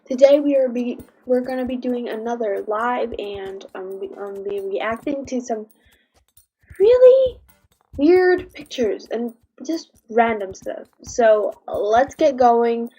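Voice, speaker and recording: A woman's voice: fairly high pitch, lively intonation, slow pace, mellow, husky. A woman hosting a casual reaction livestream, rambling and giggly with lots of restarts. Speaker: livestream host.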